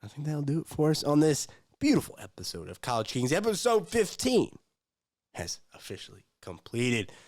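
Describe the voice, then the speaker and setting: A man's voice: medium pitch, animated, a little fast, few pauses, darkish tone, dry recording, studio quality. A man co-hosting a casual sports podcast, talking in a laid-back, teasing way and repeating phrases for effect. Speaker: podcast co-host.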